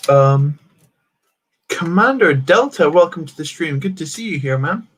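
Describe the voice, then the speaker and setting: A young man builds on a live stream, chatting casually and reading chat messages aloud in a rambling way, full of fillers and restarts. His slightly high voice has lively intonation and an unhurried pace.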